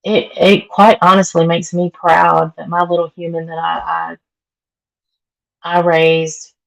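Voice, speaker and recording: A woman's voice: on the low side, flat delivery, unhurried, gravelly, poor audio. A woman hosting a casual livestream from home while she cleans. She chats with viewers, answers their comments and laughs often, and her voice is worn from being sick. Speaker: livestream host. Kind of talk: casual live chat.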